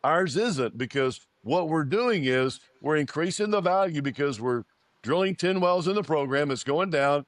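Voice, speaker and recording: A man's voice: a little high, expressive, moderate pace, no room sound. A man in his fifties, an oil and gas company founder, giving an interview and telling a story, repeating phrases and acting out quoted dialogue.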